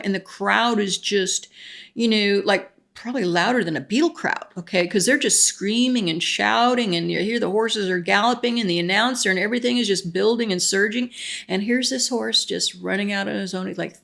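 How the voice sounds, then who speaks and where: A woman's voice: mid-range voice, gravelly. A woman talking in a casual, emotional monologue, gushing and rambling with frequent restarts. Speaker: vlogger.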